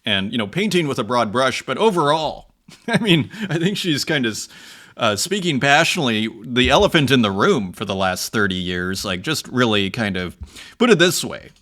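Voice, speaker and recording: Male host, bright voice, casual commentary, chatty with fillers. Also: medium pitch, very animated. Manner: conversational, often reads aloud with slow dramatic emphasis.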